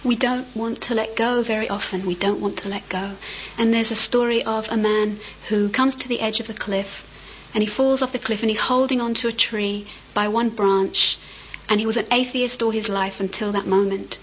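Middle aged woman teaching meditation, soft reflective dharma talk, slightly higher voice, kinda muffled recording. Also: steady tone, slight background noise. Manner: gentle, reflective, with unhurried pauses. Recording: slightly muffled with faint ambience.

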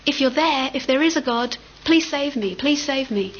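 A woman's voice: sits high, animated, moderate pace, a little hiss or hum. A woman voicing a desperate man hanging from a cliff, pleading urgently. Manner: pleading, frantic. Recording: slightly muffled with faint ambience.

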